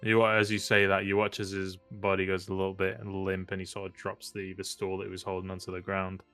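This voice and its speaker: A man narrating a tabletop game, his voice sitting low. He is easygoing, with frequent "um"s and laughs. Quiet music plays underneath. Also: fairly quick. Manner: relaxed, laughing, many fillers. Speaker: game master.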